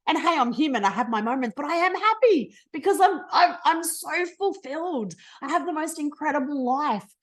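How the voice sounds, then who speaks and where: A middle-aged woman with an Australian accent, leading a motivational team call in a bubbly, effusive, casual way, swinging between fast and slow. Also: high-pitched, expressive. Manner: speeds up and slows down a lot. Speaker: team leader presenting a business call.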